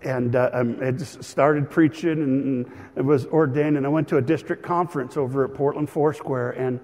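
A man's voice: mid-range voice, steady tone, moderate pace, a little mellow. A middle-aged man pastor preaching a sermon, telling stories with chuckles and fillers. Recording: long hall reverb.

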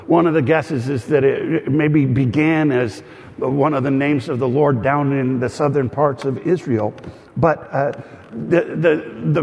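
A man preaching as a pastor, teaching in a conversational way with humorous asides and frequent fillers and restarts. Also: a little high. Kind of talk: teaching sermon. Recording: long hall reverb.

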